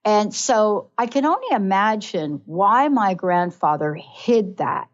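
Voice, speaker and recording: A woman's voice: medium pitch, very animated, takes it slowly. Woman hosting a radio talk show, thoughtful, keeps checking in, kinda muffled lo-fi audio. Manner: reflective, keeps asking "right?". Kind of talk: casual radio chat. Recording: slightly dull lo-fi sound.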